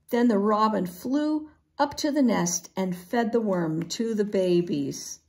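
Slow, gravelly woman reading a children's story. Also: mid-range voice. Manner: gentle, dips into whispers. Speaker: storybook reader. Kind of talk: children's storybook read-aloud.

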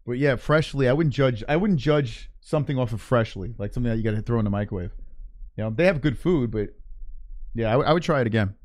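A man's voice: mid-range voice, lively intonation, fast, darkish tone. Rambling, swearing man in casual chat. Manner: rambling, unsure, swears freely. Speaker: stream co-host.

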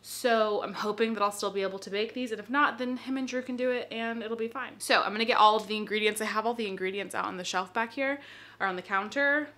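A woman's voice: mid-range voice, quick pace, pushed and bright. A woman vlogging as a stay-at-home mom, chatting casually and rambling with lots of fillers. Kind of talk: casual vlog chat.

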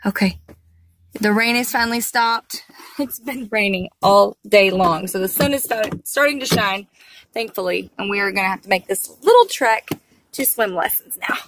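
A woman's voice: medium pitch, moderate pace, fairly bright tone, slight background noise. A young woman chatting casually in a family vlog, upbeat and sing-song when she talks to her kids. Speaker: family vlogger and mother.

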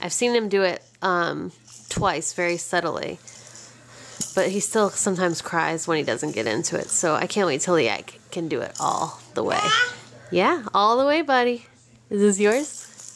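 A young mother filming her baby at home, coaxing him along in high sing-song baby talk. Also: animated, a little slow, a little hiss or hum.

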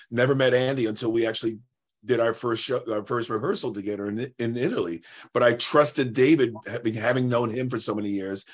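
A man, a singer and guest in an interview, talking earnestly in long runs with restarts. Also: mid-range voice. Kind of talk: casual interview chat.

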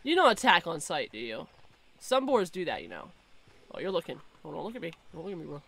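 A young woman streaming a game, chatting casually, giggling and calling out excitedly to the animals in the game. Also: on the low side, fast, gravelly, slightly rough. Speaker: gaming streamer. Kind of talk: casual gameplay commentary.

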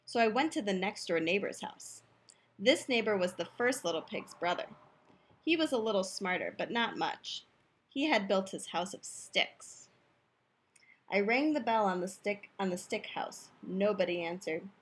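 Brief: a woman reading a storybook aloud as the wolf, playful and expressive, husky tone with a swooping, lively pitch. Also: moderate pace. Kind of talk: reading a picture book aloud, as the wolf in first person. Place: youth room.

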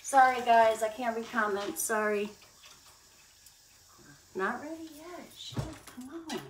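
A somewhat high-voiced woman chats her way through a casual cooking livestream at home. She talks straight to her viewers as she works in her kitchen. The recording is noisy, with clicks behind her. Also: takes it slowly, far from the mic.

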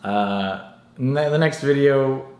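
A young man vlogging about fitness, deadpan and self-mocking with casual swearing, sounding drained and lightheaded from dieting. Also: mid-range voice, takes it slowly. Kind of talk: casual vlog talk. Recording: echoey room.

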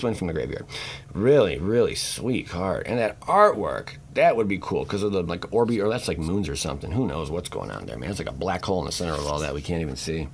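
A young man giving casual, jokey commentary as he opens card packs, breaking into sudden loud exclamations. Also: deep voice, big pitch swings, brisk, slight background noise. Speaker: channel host opening card packs. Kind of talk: casual pack-opening commentary.

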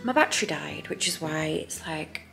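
With music behind her, this vlogger, an Englishwoman in her thirties, speaks in a low, gravelly, expressive voice at a moderate pace. Holding her phone camera at arm's length, she chats in a bubbly way and keeps breaking into laughter mid-sentence.

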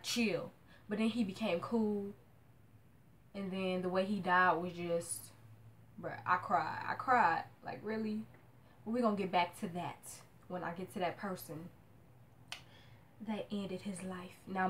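Young woman vlogger, casual slangy rant, big swings between hushed and shrieking. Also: on the low side, slight background noise.

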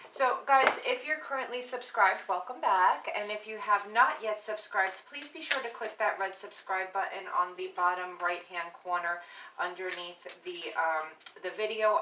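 A woman reading tarot to camera in a casual, chatty way, with many fillers, and murmuring repeated invocations. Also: mid-range voice. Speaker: tarot reader. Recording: echoey room with loud background noise.

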